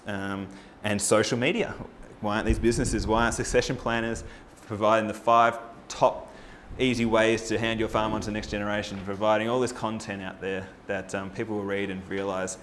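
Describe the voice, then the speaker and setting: Male presenter, low register, upbeat persuasive forum pitch. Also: brisk, slight background noise. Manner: energetic, rallying, with rhetorical questions to the audience. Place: live talk at a farming forum.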